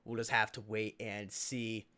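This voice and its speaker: A man casting a mobile shooter tournament on a live stream, calling the action in quick, excited play-by-play. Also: lowish voice. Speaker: esports caster. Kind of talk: live game commentary.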